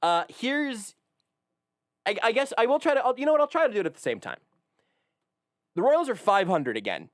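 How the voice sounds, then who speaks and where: A man hosting a sports talk radio show, leading the banter with wry, animated jokes. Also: extremely high pitch, normal speed, long pauses, no room sound, clean studio sound. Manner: animated, wry, leads the conversation.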